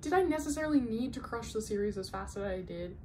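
A woman's voice: on the high side, animated, fast talker, darkish tone. A woman talks through her recent reads in a loose, casual chat. She peppers her sentences with "like" and breaks into laughter as she recounts what happens in each book. A faint hiss sits under her voice. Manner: chatty, many "like" fillers, laughs while retelling plots. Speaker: book vlogger.

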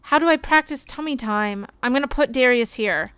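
A young woman streaming a game, chatting excitably and gasping as she plays. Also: fairly high pitch, moderate pace, clear, resonant tone, no room sound. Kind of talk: casual gameplay commentary.

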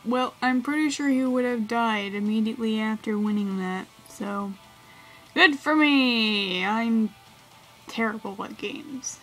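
Gamer woman, high and unhurried, yelping over her game, with faint music underneath. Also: steady tone, poor audio. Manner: yelps and squeals at the game. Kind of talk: let's play commentary.

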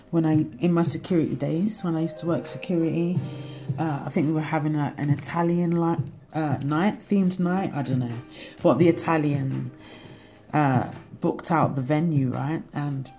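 A woman's voice: sits low, mellow, lo-fi sound. A woman giving a casual tarot reading to her viewers, chatty and profane, laughing often. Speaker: tarot reader.

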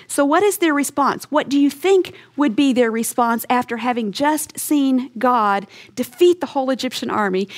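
A woman teaching a Bible lesson in an earnest, emphatic storytelling way, acting out short quotes as she goes. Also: on the high side. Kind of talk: teaching sermon.

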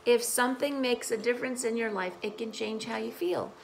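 An American woman teaching English who explains song lyrics to learners slowly and patiently, repeating key phrases, with a hoarse morning voice. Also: a little high, a little hiss or hum, poor audio.

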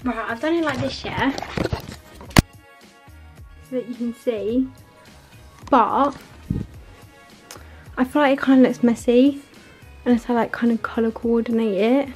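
Young woman, bedroom vlogger, bubbly rambling chat, slightly high, bit breathless. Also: steady tone, measured pace, long pauses, over music. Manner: chatty, rambling, fillers like "like" and "literally". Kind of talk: casual vlog chat. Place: her bedroom at home.

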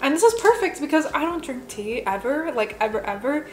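A cooking vlogger in her twenties talks through a home kitchen video in a high, sing-song voice, going a little fast. She rambles, pokes fun at herself, and says "like" constantly.

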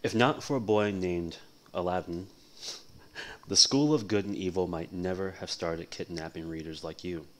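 Deep-voiced man reading a novel aloud. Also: normal speed. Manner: casual, relaxed, chats between passages. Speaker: livestream book reader. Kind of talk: reading a novel aloud, casual cold read.

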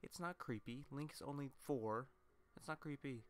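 A man's voice: mid-range voice, normal speed, clear, resonant tone. A young man commentating a video game let's play, rambling, swearing often and getting easily frustrated.

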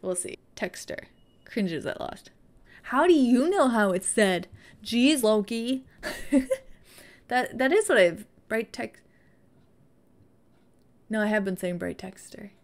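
A woman streaming live, chatting loosely and playfully with her viewers. Her voice sits a little high for a woman. She drifts into sweet baby-talk whenever she speaks to her dog. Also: animated, unhurried, long pauses. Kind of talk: casual live-stream chat.

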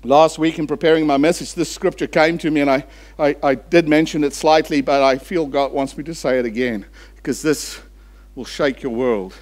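A male pastor preaching a church sermon with a high-pitched voice. He swings between rising, emphatic declarations and hushed, slowed passages. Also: fairly even intonation. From Australia. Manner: impassioned preaching, rising for emphasis then dropping low and slow.

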